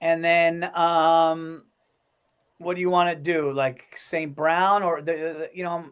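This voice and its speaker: High-voiced man, easygoing co-host. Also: level tone, takes it slowly, fairly bright tone, smooth. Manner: easygoing, laughs along. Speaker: podcast co-host. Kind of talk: casual sports chat.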